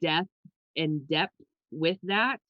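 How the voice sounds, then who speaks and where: A young woman co-hosting a podcast, in a laid-back, chatty way. Her voice sits a little low, and it is recorded close and dry with no room sound. She swears casually and laughs easily. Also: slow, no room sound, dull audio. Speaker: podcast co-host. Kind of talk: casual chat about astrology.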